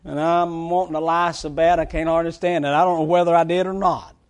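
A man preaching a sermon, swinging from shouted lines to hushed, drawn-out words, with folksy stories told through laughter. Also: on the high side, little pitch movement.

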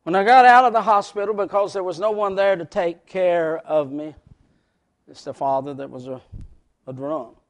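A man with a West Virginia accent preaching a folksy sermon to a congregation, swinging from shouts to hushed words. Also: high voice, normal speed. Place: church service before a congregation.

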